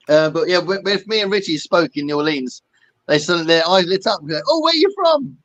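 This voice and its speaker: A man's voice: a little high, fairly even intonation, moderate pace, pauses often, a bit bright, no room sound. An English man hosting a casual podcast chat, reading out viewer comments with frequent ums and laughs. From England. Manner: chatty, laughs often, many ums. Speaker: podcast host.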